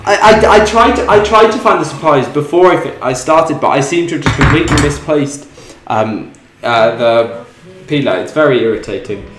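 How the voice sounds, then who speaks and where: A man's voice: a little high, animated, normal speed. A young British man hosting a livestream, chatting casually and rambling with many ums while he cooks. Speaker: livestream host. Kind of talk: casual chat while cooking and reading chat. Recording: roomy echo, faint music behind.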